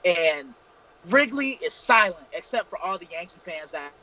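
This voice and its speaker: A man's voice: high voice, very animated, normal speed, over a noisy crowd, poor audio. A man co-hosting a casual live-streamed talk show, telling profane, rambling stories. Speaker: podcast co-host. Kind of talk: casual storytelling chat.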